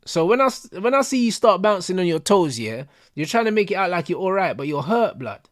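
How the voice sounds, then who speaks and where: Casting: young guy, higher voice, excitable slang-filled chatter, dry close mic. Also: brisk, no echo. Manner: animated slang-heavy banter, laughing. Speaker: host of a football watch-along stream. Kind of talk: casual stream chat.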